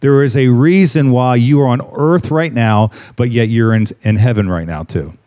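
A man preaching a sermon, reading scripture aloud and slowing down to stress key words. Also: medium pitch, mellow. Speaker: pastor.

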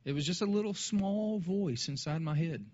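A man's voice: sits high, normal speed, a little mellow, lo-fi sound. A man talking casually about faith in a conversational way, often restarting his sentences.

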